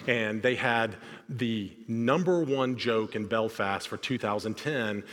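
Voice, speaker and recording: A man's voice: fairly low pitch, slow, fairly bright tone. A man giving a sermon as a guest preacher, telling stories in a conversational, self-deprecating way with frequent restarts. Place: large church sanctuary. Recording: long hall reverb.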